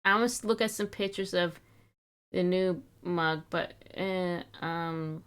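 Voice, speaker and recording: A woman's voice: lowish voice, slow pace, fairly bright tone, clean tone. A young woman streaming live, chatting casually and fretting aloud in a rambling, wistful way, sounding a little sick.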